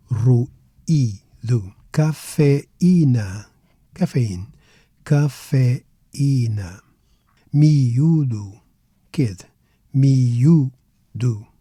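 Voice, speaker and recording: Slow, deliberate male teacher. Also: medium pitch, mellow, husky, dry recording, clean studio sound. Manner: deliberate, models words syllable by syllable. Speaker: language teacher. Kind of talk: slow, careful pronunciation lesson.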